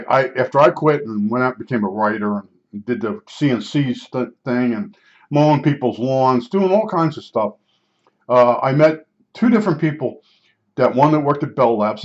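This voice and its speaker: Older man, rambling casual storyteller, repeats himself, slightly dull lo-fi sound. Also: medium pitch.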